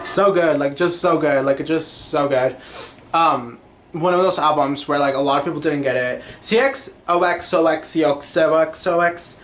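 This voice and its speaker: A young man talks on his own podcast in a loose, gushing ramble, leaning hard on filler words and bursting into bits of song. His voice sits a little higher than most men's. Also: normal speed, fairly bright tone, soft background music. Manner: chatty, gushing, lots of "like" and sung snippets. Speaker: podcast host. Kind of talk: casual solo chat.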